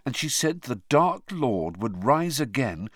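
A man's voice: medium pitch, sing-song, unhurried, no room sound, studio quality, voice pushed up. A man reading aloud and voicing a troubled teenage boy, earnest and uneasy. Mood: insistent.

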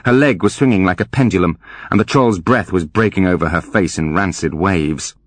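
Guy reading a fantasy audiobook, wry and animated, kinda husky, low voice. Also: moderate pace, no echo. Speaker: audiobook narrator. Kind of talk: scripted narration.

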